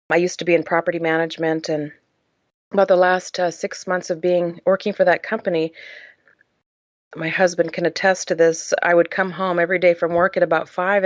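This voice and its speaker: Low-voiced woman telling an emotional story. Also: no echo, muffled recording. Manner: emotional, earnest, many "uh" fillers. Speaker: podcast guest, charity founder. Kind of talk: personal storytelling.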